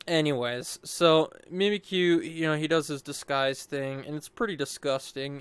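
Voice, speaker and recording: A young man's rambling commentary over game footage, with a fairly high voice that sounds smooth and clean. He restarts his sentences often as he goes. The room is dead and dry. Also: dry recording. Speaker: gameplay commentator. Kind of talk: casual gameplay voice-over commentary.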